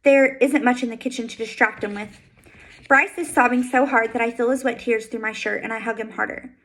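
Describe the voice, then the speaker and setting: A woman reading a first-person novel aloud in a soft, steady, intimate way. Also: fairly high pitch, a little fast, poor audio. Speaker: audiobook reader.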